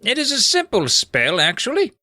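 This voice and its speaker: A man's voice: extremely high pitch, wildly swooping pitch, moderate pace, sharp tone, dry recording, pitched above the performer's own voice, full character voice. A man voicing a sorrowful old male wizard in a put-on British accent, lofty and theatrical with a shaky voice.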